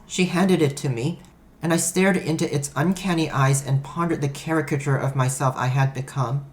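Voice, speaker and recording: A woman's voice: low-pitched, normal speed, a little mellow. A woman giving dry, matter-of-fact first-person story narration.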